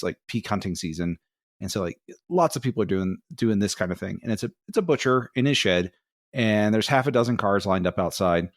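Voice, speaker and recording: A man's voice: on the low side, no room sound, clean studio sound. A man co-hosting a podcast who tells a rambling, self-deprecating story in casual chat. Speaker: podcast co-host.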